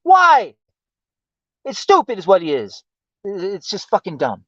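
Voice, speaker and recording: A man's voice: sits high, very animated, a little fast, a bit bright, husky, no room sound. Profane ranting man on a lo-fi stream. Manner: profane, exasperated, repeatedly asking why. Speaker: livestream host. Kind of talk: ranting commentary. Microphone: home streaming mic. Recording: dull lo-fi stream audio.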